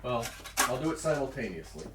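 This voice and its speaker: A man narrating as dungeon master in a casual, halting way, often restarting his sentences and laughing. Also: medium pitch, very animated. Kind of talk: narrating a tabletop game, casual. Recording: roomy echo, far from mic, faint noise.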